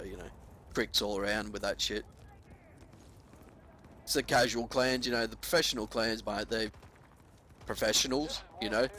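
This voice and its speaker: A man's voice: lowish voice, fairly bright tone, slight background noise. A young man casually commentating over his gameplay at home, laid-back with frequent swearing and ranty asides.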